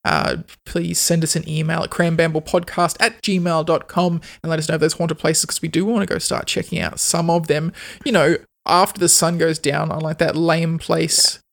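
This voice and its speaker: A woman's voice: low-pitched, flat delivery, normal speed, creaky. An Australian woman co-hosting a podcast, chatting in a playful, rambling way. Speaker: podcast co-host. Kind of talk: casual chat.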